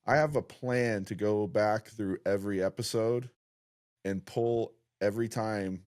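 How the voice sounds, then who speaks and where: Low-pitched male podcast co-host, casual and rambling. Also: measured pace, darkish tone. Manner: rambling, many restarts. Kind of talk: casual chat.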